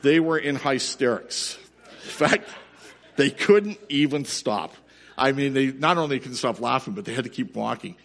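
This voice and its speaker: A man in his forties telling a story in a sermon, earnest and dropping to a quiet emotional emphasis. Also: medium pitch, lively intonation, moderate pace, creaky. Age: 40s. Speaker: pastor.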